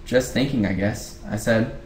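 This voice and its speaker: A man's voice: on the low side, normal speed, darkish tone. A man reading a novel aloud at home for a book club, casual, now and then rereading a line or stopping to chat. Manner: rereads lines, breaks off to chat. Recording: roomy echo, faint background hiss.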